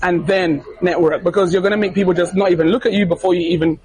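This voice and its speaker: A British man answers backstage interview questions as a DJ, his voice pitched high for a man. He is friendly and laughs often, turning earnest when he gives advice. A faint hum of noise sits behind him. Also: steady tone, fast, darkish tone, low-quality recording. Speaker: DJ and interview guest. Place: backstage media room at a music festival.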